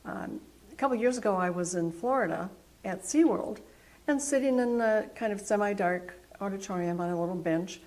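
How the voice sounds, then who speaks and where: A woman's voice: medium pitch, a little fast, a little mellow. Woman guest telling a personal story. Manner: thoughtful anecdotal storytelling. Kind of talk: casual conversation.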